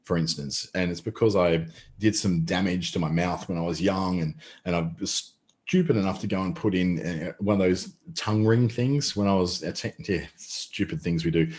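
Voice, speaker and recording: A man's voice: low-pitched, moderate pace, a little mellow. An Australian man with a slight lisp, chatting casually as he teaches a live online class. He rambles a little, with fillers and restarts, and talks from a short distance off his mic. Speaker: presenter. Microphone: mic a short distance away, no pop filter.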